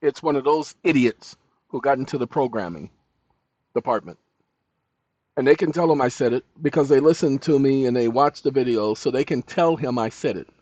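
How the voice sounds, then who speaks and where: A man hosting casual screen-recording commentary, animated and scolding as he talks to a chatbot and his viewers. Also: mid-range voice, moderate pace, no room sound. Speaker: channel host. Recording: dull dry lo-fi mic.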